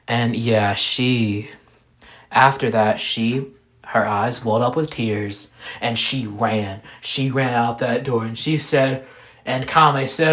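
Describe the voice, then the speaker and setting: Slow, somber male storyteller. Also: medium pitch, fairly even intonation, a bit bright. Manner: slow, halting, somber narration. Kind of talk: first-person spoken story.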